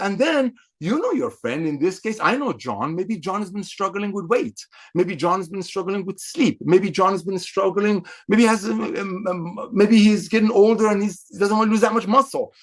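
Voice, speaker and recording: A man addresses his affiliates as a company executive, giving an excitable motivational sales talk packed with repetition and emphatic, preacher-like stresses. His voice is a little high.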